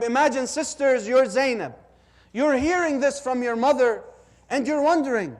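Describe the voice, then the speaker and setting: A man delivering a mourning sermon, telling a story slowly and urging the audience to repeat lines after him. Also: extremely high pitch. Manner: slow, drawn-out, urges the audience to repeat lines. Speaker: speaker at a religious gathering. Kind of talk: mourning sermon with call-and-response.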